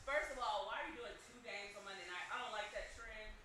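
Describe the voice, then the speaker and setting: A woman co-hosting a live watch-party stream, chatting casually with animated, opinionated remarks about the broadcast. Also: medium pitch, a little fast, distant mic, noisy background.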